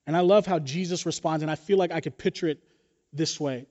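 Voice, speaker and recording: A man preaching a sermon as pastor, telling a personal story in an animated, joking way. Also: on the high side, a little fast. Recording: dull sound in a reverberant hall.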